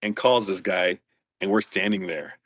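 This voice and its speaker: A man with a fairly low voice tells profane, animated stories about his service days. He talks casually as a podcast guest. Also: moderate pace. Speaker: guest, former Marine. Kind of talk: casual storytelling.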